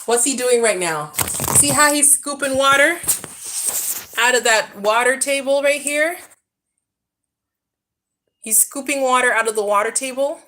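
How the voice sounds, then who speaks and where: Chatty mom live-streaming from the backyard. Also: female voice, a little high, sharp tone. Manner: chatty, scolding her kids between asides. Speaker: vlogger. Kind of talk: casual live-stream chat. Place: at home, outdoors near a backyard pool.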